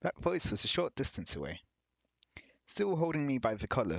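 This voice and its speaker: A man's voice: medium pitch, sing-song, fairly quick, vocal fry, dry recording, poor audio. A man reading a visual novel's narration aloud during a let's play, breaking off into wry, casual comments. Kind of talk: reading game text aloud with casual asides.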